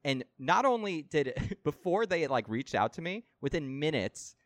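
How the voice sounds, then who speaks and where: A man from the United States co-hosting a casual podcast chat, animated and laughing as he tells stories. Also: a little high, moderate pace, dry recording. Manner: animated storyteller, laughs often. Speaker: podcast co-host.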